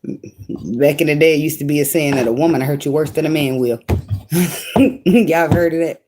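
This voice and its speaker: A woman with a lowish voice talks straight to her viewers in a casual advice vlog. She is blunt and slangy, swears freely, and laughs often as she goes. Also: normal speed, dark tone, a little hiss or hum. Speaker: tarot reader.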